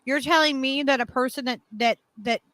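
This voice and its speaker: An animated woman co-hosting a casual panel chat, restarting and repeating words often. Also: sits high, normal speed, dry recording.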